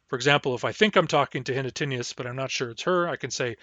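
A man teaching a language lesson, explaining grammar and modeling words slowly and carefully for learners to repeat. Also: medium pitch, bright, forceful tone, no echo. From Barclay Sound region, Canada. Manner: patient, slow model pronunciations for repeating.

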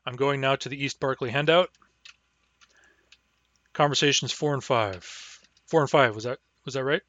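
A man teaching a language class online, sounding out words slowly and carefully, syllable by syllable. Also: mid-range voice, fairly bright tone, no echo, highs cut off. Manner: slow, careful, deliberate pronunciation.

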